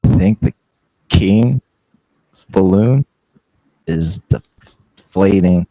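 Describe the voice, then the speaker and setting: A male podcast co-host with a very low, dark voice, speaking slowly. He gives short, deadpan answers and laughs easily. The sound is dry and close. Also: dry recording, poor audio. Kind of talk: casual comedic chat.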